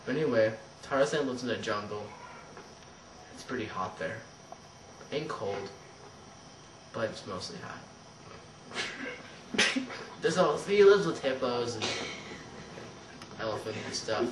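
A man hosting his own vlog, rambling through unscripted random thoughts in a goofy, deadpan way. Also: mid-range voice, unhurried, pauses often. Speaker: vlog host. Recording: roomy and distant with faint noise.

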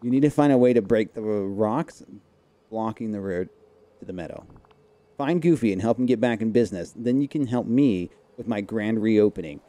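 A man's voice: fairly low pitch, moderate pace, warm tone, lightly acted. Man reading Scrooge McDuck, a miserly old duck. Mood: plain reading. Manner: reading game dialogue aloud. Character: miserly old male cartoon duck tycoon.

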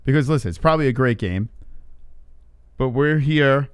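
A man's voice: mid-range voice, moderate pace, clear, resonant tone, dry recording. A man streaming a game live, joking and swearing casually. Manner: profane, joking.

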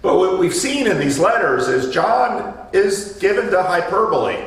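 A man with a fairly high voice leads a conversational Bible study, explaining and telling stories while he repeats the starts of his phrases. He sounds distant from the mic in an echoey church room. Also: big pitch swings, moderate pace. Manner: explanatory, storytelling, restarts phrases.

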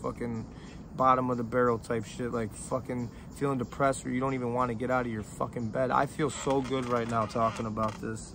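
A middle-aged man speaking straight to his fans with raw emotion, swearing freely and stumbling over restarts as his feelings catch up with him. His voice sits at an ordinary middle pitch for a man. A faint hiss of noise runs behind him. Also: steady tone. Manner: emotional, profane, halting with many restarts. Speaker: independent rapper talking to fans. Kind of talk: heartfelt, rambling direct-to-camera talk.

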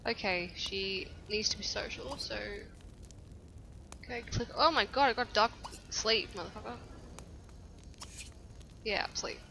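Young woman, bright tone, medium pitch, foul-mouthed let's-play commentator. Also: a little slow, creaky, pauses often, a little hiss or hum. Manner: profane, reacts loudly, insults her character. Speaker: gameplay commentator.

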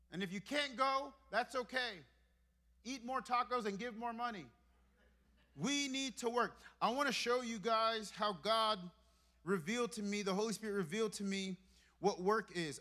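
A man from Brooklyn, New York, in his thirties, preaching a sermon in a church and swinging between hushed, intimate moments and emphatic ones. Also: extremely high pitch. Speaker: pastor. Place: church sanctuary.

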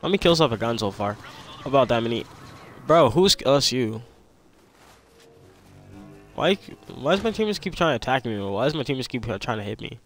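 A young man casually commenting on his own gameplay, excitable and slangy, repeating lines and yelping when he gets attacked. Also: mid-range voice, brisk, long pauses, faint music behind. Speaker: gamer.

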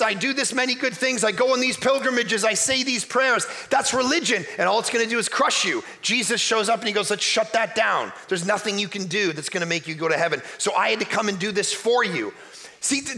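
A man from Canada preaching a lively sermon in a church, with a very high voice for a man. His tone is bright and forceful with a gravelly edge. He is emphatic and jokes with the congregation. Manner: energetic, emphatic, joking with the crowd. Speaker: guest pastor.

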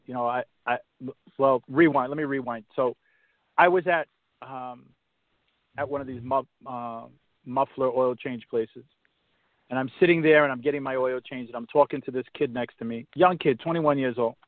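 A man on a podcast telling a faith story casually, halting and restarting, turning preachy when he quotes scripture. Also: mid-range voice, no room sound. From Massachusetts. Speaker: podcast guest. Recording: tinny phone-line sound, dry.

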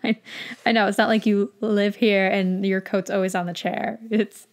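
A woman's voice: medium pitch, level tone, moderate pace. A young woman hosting a podcast, chatting and laughing between reading a story aloud. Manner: chatty, laughs often, uses "like" a lot. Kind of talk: casual chat and story reading.

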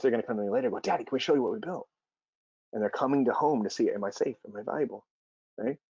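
Gravelly low man, earnest talk. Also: darkish tone, dry recording. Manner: earnest, storytelling, acts out quoted dialogue. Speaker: speaker on youth sports and child development. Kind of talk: presentation with personal stories. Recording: dull, slightly lo-fi dry recording.

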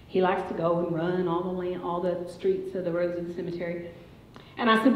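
A woman's voice: fairly low pitch, fast. A woman preaching a sermon in a church, telling a family story and building to emphatic declarations. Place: church sanctuary. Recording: dull, echoey church recording.

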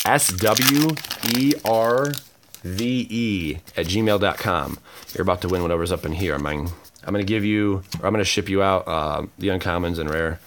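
An excitable man hosting a card-opening video, exclaiming often and swinging between loud outbursts and low mutters. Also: a little hiss or hum. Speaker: card-opening channel host. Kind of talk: excited unboxing vlog.

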